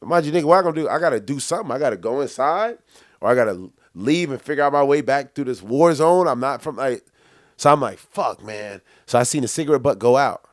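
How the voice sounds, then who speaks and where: Animated man telling a story. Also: medium pitch, fast, no echo, studio quality. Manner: animated, acts out quotes, laughs often. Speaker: podcast co-host. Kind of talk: casual storytelling.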